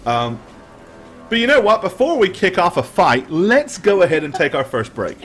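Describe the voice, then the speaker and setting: Slightly high-voiced male game master. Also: sing-song, fairly bright tone, faint music behind. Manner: vivid, drawn-out descriptions with frequent ums. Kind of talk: narrating a tabletop game.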